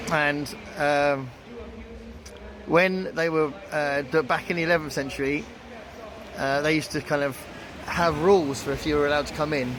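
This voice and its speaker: Casual male travel vlogger, talks to a handheld camera, rambles a little, outdoor noise behind. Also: fairly high pitch. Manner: chatty and rambling, many fillers. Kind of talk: casual vlog narration to camera. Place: outdoors, sightseeing on foot and by water.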